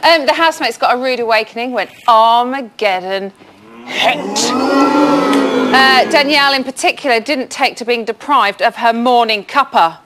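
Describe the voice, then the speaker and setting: A woman hosting a studio chat show, giggly and self-mocking, with quick asides. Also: on the high side. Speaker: talk show host. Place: TV studio with live audience. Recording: studio with audience chatter and noise.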